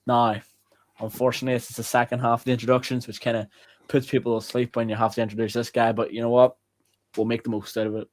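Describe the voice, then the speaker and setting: A man's voice: medium pitch, level tone, quick pace. A young man hosting a wrestling show, with a playful, teasing, mock-grandiose delivery. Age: young adult. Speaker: host. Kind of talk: casual wrestling show banter.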